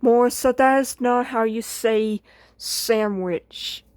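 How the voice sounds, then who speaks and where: A woman's voice: fairly high pitch, slow pace, darkish tone, no echo. A woman hosting a casual comedy skit, patiently correcting and teasing. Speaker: video host and skit performer.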